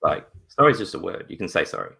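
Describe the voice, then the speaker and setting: Male guest: low, raspy, bright-edged voice; laughing, animated storyteller on a video call. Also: fast talker. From Australia. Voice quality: deep gravelly voice. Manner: laughs often, acts out voices in his stories. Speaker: interview guest, father. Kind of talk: casual storytelling in a live video interview.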